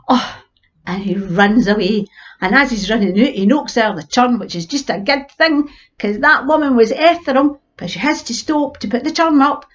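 A woman with an Ayrshire Scots accent telling a folk tale in a lively, folksy way. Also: on the high side, normal speed, muffled recording. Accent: Scottish, Ayrshire. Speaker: storyteller. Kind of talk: animated oral storytelling.

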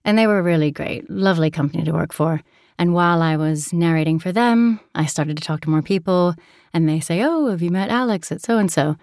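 A woman's voice: on the low side, a little fast, a little mellow, no echo, clean studio sound. A woman from Alaska with an American accent touched by a transatlantic tinge, an audiobook narrator chatting in an interview and laughing easily as she tells stories. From Alaska, USA. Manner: chatty, laughs often, storytelling. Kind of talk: interview conversation.

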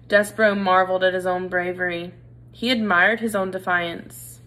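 A woman reading a children's novel aloud, gentle and expressive, speaking directly to the reader. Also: on the low side, normal speed. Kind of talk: read-aloud narration.

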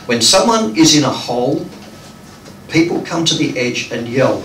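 A man's voice: mid-range voice, sing-song, normal speed, a bit bright. A man giving a live poetry reading, hesitant and full of ums between poems. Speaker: poet reading his work. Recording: echoey room, distant mic, faint noise.

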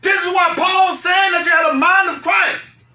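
A male pastor, preaching a fervent sermon that rises to shouts and repeats its phrases. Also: extremely high pitch, fairly even intonation, normal speed. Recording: echoey room, mic far off.

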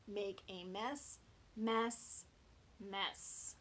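Teacher reading storybook to kids, slow and expressive, mid-pitched woman. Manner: expressive, talks to young children. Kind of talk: reading a picture book aloud to children.

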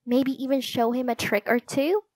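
A woman's voice: sits high, steady tone, moderate pace, dry recording, pitched above the performer's own voice, close to an everyday voice. A woman voicing an eager, cheerful young girl magician. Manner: bright and eager.

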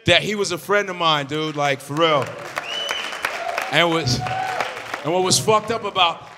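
A man doing improvised stand-up comedy, loud and animated, swearing and shouting his punchlines. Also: a little high, a little slow, in a large hall, a crowd in the background, noisy background.

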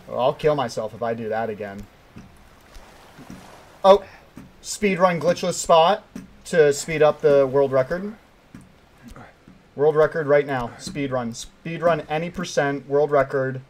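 A young man giving live commentary while playing a hard climbing game, excitable and swinging between quiet mutters and sudden yelps. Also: fairly high pitch, measured pace, pauses often, a little hiss or hum. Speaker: gaming streamer.

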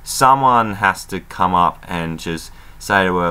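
A low-pitched man with a smooth, clear voice and a bright, forceful edge rambles through a casual recap. He sounds like an excitable fan, chatty and loose, full of fillers and the odd curse. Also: unhurried. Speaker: wrestling show reviewer.

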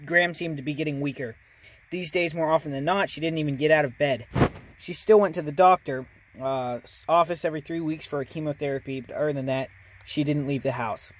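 A man's voice: on the high side, fairly even intonation, fairly quick, slight background noise. A man reading a children's novel aloud as a hobby reader, earnest and casual. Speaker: audiobook reader. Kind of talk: amateur audiobook reading.

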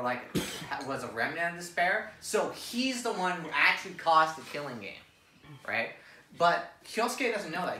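A man's voice: fairly high pitch, slight background noise. A young man giving a crude, slangy, rambling story recap to friends, acting out the characters' lines. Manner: crude slangy storytelling, animated quoted voices. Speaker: presenter of a fan lecture. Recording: echoey room, voice from a distance.

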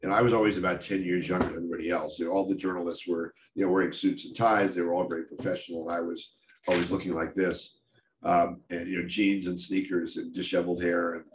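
A middle-aged American man, a photographer telling stories from his career in a candid, self-deprecating way with many fillers. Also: low voice. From United States. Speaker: photographer giving a talk. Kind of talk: storytelling talk. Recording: echoey room with faint noise.

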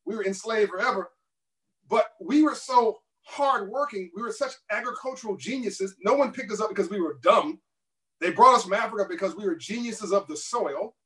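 A man with a high voice talks as an interview guest, pressing each point with emphatic bursts and short laughs. He sits away from the microphone, so the call sound is thin and distant. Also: a little fast, fairly bright tone. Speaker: guest author. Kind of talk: passionate interview talk.

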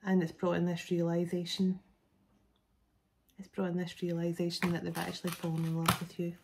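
A woman with a fairly low voice talks through a tarot reading in a loose, rambling way. She restarts her sentences often and fills pauses with fillers. Faint background hiss sits under her voice. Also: completely flat delivery. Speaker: tarot reader. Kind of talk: casual spoken tarot reading.

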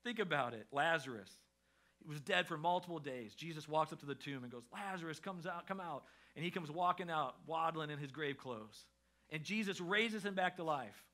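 Middle aged pastor guy preaching in church, chatty, bright ringing voice. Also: on the high side, brisk. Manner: conversational preaching with a lively rising delivery. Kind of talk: sermon. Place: church sanctuary.

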